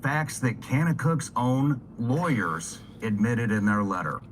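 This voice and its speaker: A man giving a firm, defiant statement in a deliberate, measured way. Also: medium pitch, slight background noise, poor audio. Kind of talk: recorded statement clip.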